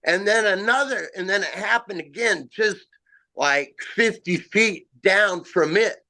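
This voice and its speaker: A man telling a first-person encounter story in a halting, rambling way, full of "you know" and "uh" fillers. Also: high voice, sharp tone. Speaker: eyewitness guest.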